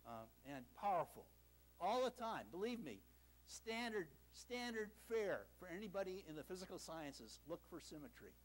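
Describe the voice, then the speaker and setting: A man's voice: fairly high pitch, a little hiss or hum. An older man giving a university lecture in a lecture hall, telling stories with a self-deprecating sense of humor.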